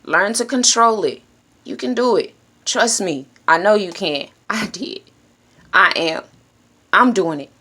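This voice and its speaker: A woman giving an earnest, encouraging self-help talk straight to her viewers. She speaks directly and plainly, now and then dropping into hushed shushing. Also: medium pitch, expressive, unhurried, long pauses. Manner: drops to a hushed whisper when shushing. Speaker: vlogger.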